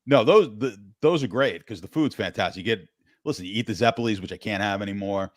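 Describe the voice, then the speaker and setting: A man from New York City with a New York accent, talking betting in casual podcast chat with blunt quick wisecracks. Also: lowish voice, no room sound, clean studio sound. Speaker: betting analyst.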